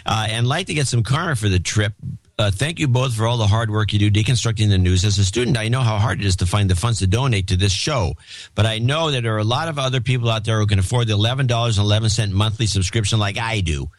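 A man co-hosting a podcast, reading listener donation notes in a brisk way and sometimes laughing at them. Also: lowish voice, no room sound, studio quality. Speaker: podcast co-host.

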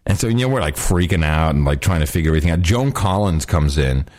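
A man's voice: a bass voice, animated, quick pace, a little mellow. A middle-aged man co-hosting a podcast, chatting casually, teasing and telling stories with frequent laughs. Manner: teasing, storytelling, laughs often. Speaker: podcast co-host. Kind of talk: casual chat.

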